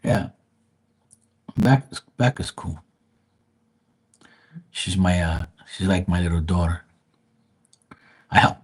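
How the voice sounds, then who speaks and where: Husky man telling a blunt story. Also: sits low. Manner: blunt, profane, animated retelling. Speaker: tarot reader and live streamer. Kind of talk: casual storytelling on a live stream.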